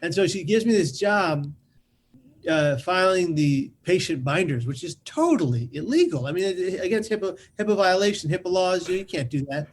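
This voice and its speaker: A man telling a personal story as a podcast guest, lively, repeating words as he rushes on. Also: sits high, slight background noise.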